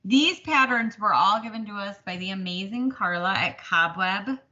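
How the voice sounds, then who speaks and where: A woman's voice: mid-range voice, lively intonation, normal speed, sharp tone. A woman co-hosting a casual stitching chat, talkative and self-deprecating. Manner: chatty, self-deprecating, laughs often. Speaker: podcast co-host. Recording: slightly dull lo-fi sound.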